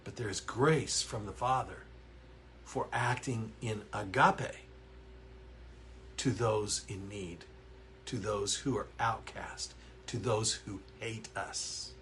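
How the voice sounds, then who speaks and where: A man's voice: lowish voice, slow pace, a little hiss or hum. A man leading an online Bible study from his counseling office, reading verses aloud, answering viewers' typed comments and getting worked up as he explains the text. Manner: earnest, animated, reads verses aloud and reacts to typed comments.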